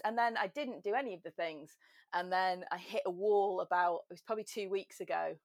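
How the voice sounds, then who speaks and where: A woman's voice: medium pitch, brisk, dry recording, clean studio sound. Chatty, laughing woman guest. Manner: chatty, self-mocking, bursts of laughter. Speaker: podcast guest. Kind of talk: casual chat.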